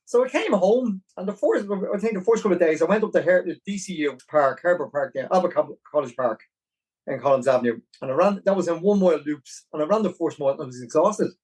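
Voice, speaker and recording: A man in his forties with a Dublin Irish accent, a podcast guest telling his story in an animated, self-deprecating way. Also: fairly high pitch, quick pace, slightly rough, recorded from a distance, poor audio. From Ireland. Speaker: podcast guest, marathon runner. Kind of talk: casual storytelling interview.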